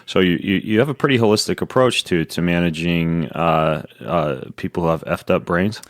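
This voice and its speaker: A man hosting a podcast, with a very low voice and a teasing, bantering manner. The sound is dry and close, with no room echo. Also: normal speed. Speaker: podcast host. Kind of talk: casual interview chat.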